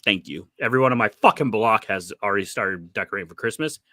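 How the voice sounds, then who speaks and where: Bright-voiced Boston host quizzing his cohosts. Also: lowish voice, animated, fast talker, dry recording, clean studio sound. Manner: profane, teasing, quizzing co-hosts. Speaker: podcast host asking the questions. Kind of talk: casual sports chat.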